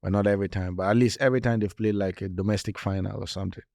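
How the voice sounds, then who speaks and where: A man's voice: lowish voice, steady tone, very fast, gravelly, darkish tone, no echo. Man chatting football, dry close sound. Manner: conversational, emphatic, repeats points. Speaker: podcast co-host. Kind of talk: casual football podcast chat.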